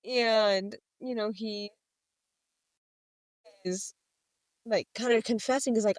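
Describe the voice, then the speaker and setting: A woman co-hosting a podcast, retelling scenes from a book in animated casual chat, acting out characters' lines. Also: medium pitch, a little slow, long pauses, dry recording, rough recording. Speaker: podcast co-host.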